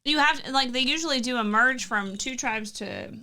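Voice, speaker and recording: A woman's voice: fairly high pitch, moderate pace, bright, forceful tone, a little hiss or hum. A woman co-hosting a casual chat, wry and teasing, with faint music behind. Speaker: co-host.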